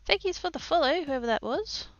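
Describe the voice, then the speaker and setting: A woman chatting casually with her viewers on a livestream from home, playful and silly, breaking into sudden high squeals as she reads and answers chat. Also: lively intonation, moderate pace, a bit bright, lo-fi sound.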